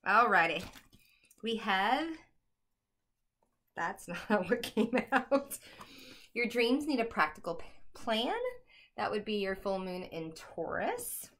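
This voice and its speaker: Chatty, excitable woman reading tarot. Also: mid-range voice, slow pace, long pauses, slight background noise. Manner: chatty, excitable, laughing often, talks to her dogs. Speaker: tarot reader. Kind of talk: casual tarot reading to camera.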